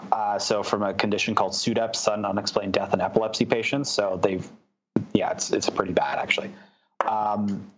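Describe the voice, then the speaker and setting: Founder guest, male, low-pitched, halting speech full of fillers, slightly muffled audio. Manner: hesitant, many fillers and restarts. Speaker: startup founder. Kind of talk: interview answers.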